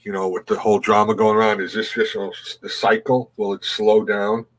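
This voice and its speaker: Guy hosting a morning stream, lowish voice, easygoing, says hi to chat. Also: a little fast, poor audio. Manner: relaxed, greets chatters by name, trails off. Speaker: livestream host. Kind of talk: casual chat reading viewer comments.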